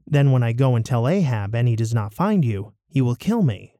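A frightened male steward, as a man reading scripture puts him on, pleading anxiously with his pitch swinging up and down. The voice is mellow and the recording is dry and close. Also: big pitch swings, moderate pace, no echo.

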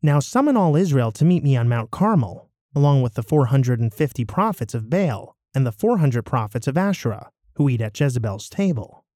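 A man's voice: medium pitch, sing-song, moderate pace, hardly any pauses, dark tone, no echo, studio quality, close to an everyday voice. A man voicing a bold, commanding male prophet in a scripture reading, declaiming with fervent, rising cries. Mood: stern.

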